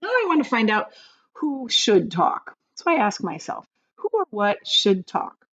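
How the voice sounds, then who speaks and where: In a grammar lesson video for young students, a woman's fairly high, fairly bright voice swoops wildly in pitch while she keeps a measured pace. She's patient and encouraging as she leads them, and the audio is a little dull and low-fidelity.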